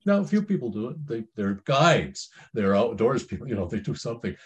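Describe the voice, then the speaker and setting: A man's voice: medium pitch, expressive, a little fast. A middle-aged man giving informal Christian family counsel. He comments on a reading in a rambling, folksy way, with many restarts and asides.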